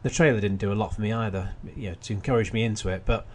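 Speaking rapid-fire in a lowish, dark-toned voice, this man hosts a radio film review. He works through plot summaries casually, adding wry comments and frequently starting over.

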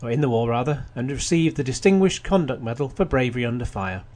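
A man's voice: mid-range voice, lively intonation, quick pace, darkish tone. A man hosting a radio film show, reading plot summaries with wry asides and frequent restarts. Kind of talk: casual radio film review.

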